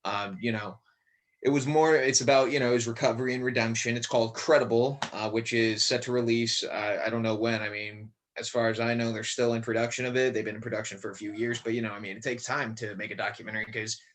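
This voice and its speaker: A man's voice: medium pitch, fairly even intonation, fast, a bit bright. Rambling man, lots of fillers. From Connecticut. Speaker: podcast guest, actor. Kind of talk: casual chat.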